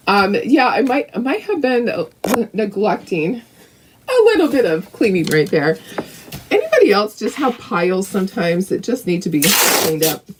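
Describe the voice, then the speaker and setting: A woman's voice: mid-range voice, background noise. A middle-aged woman hosting a casual live craft painting tutorial, chatting and greeting viewers by name.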